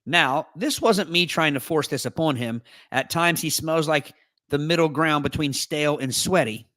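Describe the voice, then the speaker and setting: A man's voice: fairly high pitch, moderate pace, a bit bright, dry recording, clean studio sound. A man co-hosting a live podcast in a casual, joking chat, reading a forum post aloud with playful asides. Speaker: podcast co-host.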